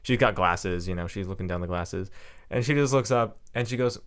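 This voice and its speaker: Lower-voiced young man telling stories. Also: fairly quick, clear, resonant tone. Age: young adult. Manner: animated storyteller who laughs often. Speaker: podcast co-host. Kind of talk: casual podcast chat.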